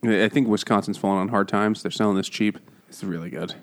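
A man's voice: fairly low pitch, fairly even intonation, brisk. A man co-hosting a casual podcast, retelling a classic story in a crude, joking way and voicing its characters as he goes. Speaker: podcast co-host. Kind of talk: casual comedic book chat over beers.

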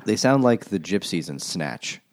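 A man on a casual book podcast, dropping dry, deadpan quips. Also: low-pitched, a little slow. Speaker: podcast co-host.

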